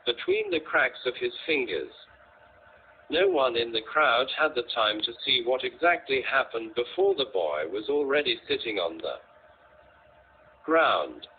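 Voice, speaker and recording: Slow man narrating an audiobook, tinny. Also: mid-range voice. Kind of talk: scripted narration. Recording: tinny, lo-fi, faint noise.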